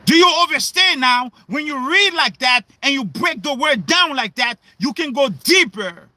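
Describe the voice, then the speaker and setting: A man preaching in a livestream sermon, questioning his listeners, repeating himself and breaking into shouts. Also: very high-pitched, expressive, moderate pace, dry recording.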